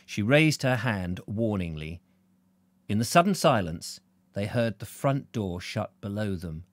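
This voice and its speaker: A man narrating a novel aloud in a live reading, expressive, correcting his slips as he goes. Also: lowish voice, a little slow, no echo.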